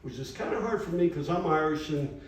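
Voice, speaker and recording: A man's voice: fairly high pitch, expressive, fairly quick, a little hiss or hum. An older man, a retired firefighter, telling brash, profane stand-up stories in a former yoga studio. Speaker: stand-up comedian. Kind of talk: stand-up comedy. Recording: echoey room, distant mic, audience.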